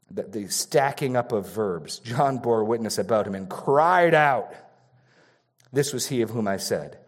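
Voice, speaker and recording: This male pastor's voice is fairly low as he delivers an expository sermon, alternating raised emphasis with hushed asides and returning to key phrases again and again.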